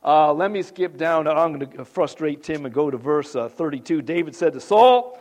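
A man with a notably high voice delivers a sermon to a congregation. He moves between reading scripture with rising emphasis and asking his listeners casual questions. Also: animated, moderate pace, darkish tone. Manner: conversational, asks the congregation questions. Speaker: pastor.

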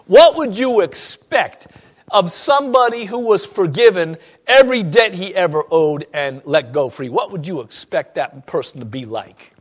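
A male pastor preaching a sermon to a congregation, reading scripture and moving between loud emphasis and quiet, personal asides. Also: high voice, expressive, moderate pace.

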